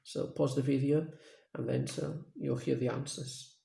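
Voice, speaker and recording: Gravelly man recapping an English lesson. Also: medium pitch, steady tone, measured pace, dark tone. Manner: plain, patient classroom explaining. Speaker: English teacher. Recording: echoey room.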